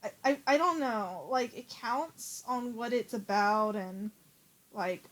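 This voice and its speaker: Young female co-streamer, a bit high-pitched, quiet and hesitant, casual chat. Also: slow pace. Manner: soft-spoken, hesitant, trails off.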